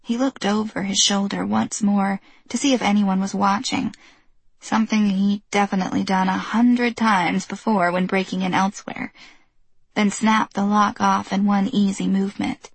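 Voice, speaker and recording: A woman reading a novel aloud in even, measured audiobook narration. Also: medium pitch, vocal fry, slightly rough, no echo.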